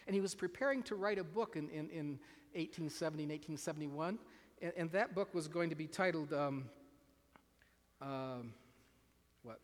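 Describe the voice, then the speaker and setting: A man's voice: a little high, normal speed, long pauses. A man preaching a sermon in an earnest way, often repeating words and asking his listeners questions. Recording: reverberant hall.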